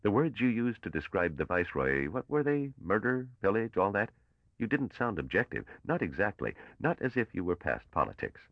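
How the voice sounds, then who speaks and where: A man voicing a brash, suspicious young male space trader with a sharp, probing manner. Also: lowish voice, very animated, normal speed, no echo, dull audio, pitched above the performer's own voice. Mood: pushy.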